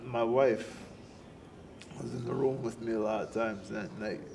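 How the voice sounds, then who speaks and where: A middle-aged man, a former boxer, telling his story in an interview. He speaks softly and haltingly, often repeating words as he recalls events. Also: mid-range voice, fairly even intonation, gravelly. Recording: noisy on-site recording.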